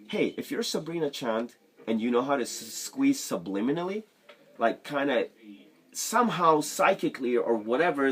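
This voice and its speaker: A man with a husky, slightly higher voice teaches sales in a loose, chatty way and keeps wandering off topic. He talks casually to the camera from his home. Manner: rambling, chatty, goes off on tangents. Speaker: sales trainer. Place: basement apartment at home.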